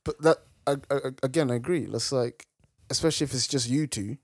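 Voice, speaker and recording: A young man co-hosting a casual podcast chat, easygoing and quick to laugh and agree. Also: medium pitch, breathy edge, no room sound, studio quality. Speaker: podcast co-host.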